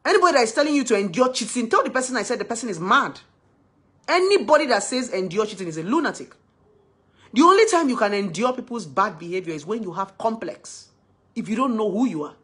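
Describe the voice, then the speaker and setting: A woman speaking in a casual monologue about relationships, her voice husky and a little breathy. She talks emphatically, jumping from loud exclamations to soft, low asides. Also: very animated, fast talker. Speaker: relationship advice vlogger.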